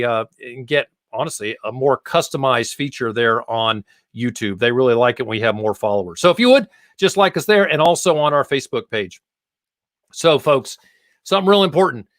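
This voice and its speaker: A man hosts a live-streamed business show in an upbeat, promotional way, often stopping to restart a sentence. His voice sits a little high for a man and sounds worn, as he is losing it. The sound is close and dry, with no room around it. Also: no room sound. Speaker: host.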